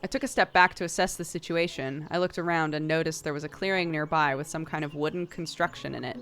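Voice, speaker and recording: A young woman with a low voice reads a story game's narration aloud. Now and then she breaks off for playful, laughing side comments, with faint music under her voice. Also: steady tone, quick pace, fairly bright tone, clean tone. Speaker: streamer.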